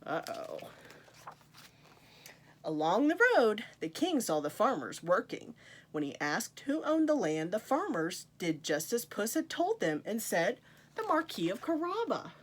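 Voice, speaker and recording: Woman, children's storytime reader, animated asides, lively swinging pitch. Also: measured pace. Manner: animated, playful asides to young listeners. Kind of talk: reading a picture book aloud to children.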